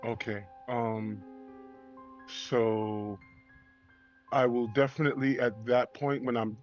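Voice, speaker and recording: A man's voice: mid-range voice, little pitch movement, takes it slowly, dull audio, soft background music. A man playing a tabletop game, methodically working through his abilities with fillers. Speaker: player. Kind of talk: casual tabletop game play.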